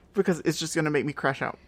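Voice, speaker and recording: A woman co-hosting a casual podcast chat, playful and affirming with quick comebacks. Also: low-pitched. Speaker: podcast co-host.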